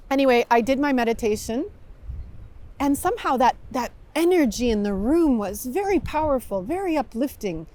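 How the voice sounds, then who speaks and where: A woman who is a spiritual teacher, telling a personal story in a reflective way and laughing softly now and then. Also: high voice, expressive, moderate pace. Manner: reflective, with frequent soft laughs.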